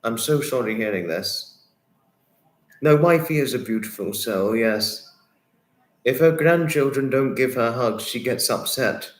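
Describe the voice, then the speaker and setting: A man hosting a livestream, chatting warmly with viewers and reading their comments, effusive and sympathetic, often repeating himself. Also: medium pitch, animated, a little slow. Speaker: livestream host. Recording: roomy echo.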